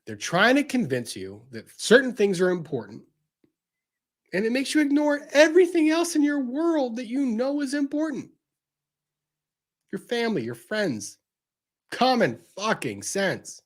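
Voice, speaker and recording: A man hosting a show, delivering a heated, profane rant that swings between loud outbursts and low, intense repetition. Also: sing-song, a little slow. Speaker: show host. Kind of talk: ranting commentary.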